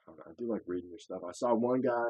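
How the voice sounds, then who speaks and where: A man's voice: fairly low pitch, rapid-fire, husky, no echo, muffled recording. A young man hosting a casual podcast, joking loosely and swearing often. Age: young adult. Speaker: podcast host.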